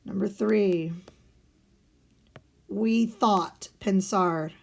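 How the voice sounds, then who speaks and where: A woman teacher talks through a recorded lesson at an unhurried pace, step by step. Her voice sits at a middle pitch, and she poses questions to the class and answers them herself. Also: vocal fry. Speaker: Spanish teacher. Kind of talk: recorded video lesson walking through guided notes.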